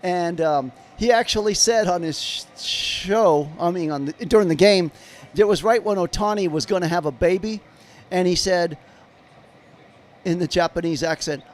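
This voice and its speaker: A man's voice: high-pitched, normal speed. A man giving live play-by-play of a baseball game on a stream, chatting in rambling asides with viewers. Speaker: livestream baseball commentator.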